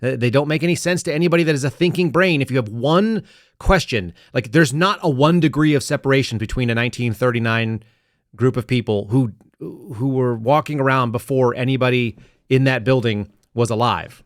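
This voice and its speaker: A man hosts a podcast, delivering sarcastic, rambling political commentary with frequent restarts. His voice is medium-pitched and brisk, recorded in clean studio sound with no room noise.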